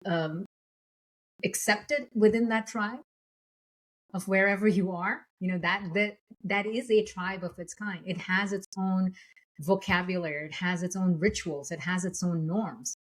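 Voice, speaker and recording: A woman guest speaking in a measured, thoughtful way, with light laughs. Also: medium pitch, steady tone, poor audio. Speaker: podcast guest. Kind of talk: reflective conversation.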